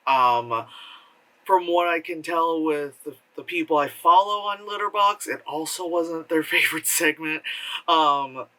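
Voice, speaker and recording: A man with a somewhat high, bright voice rambles through a casual film review. He swears freely, leans on lots of fillers, and slips into exaggerated voices to act out the characters. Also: a little slow, recorded from a distance, low-quality recording. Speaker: movie reviewer. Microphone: camera with a flash.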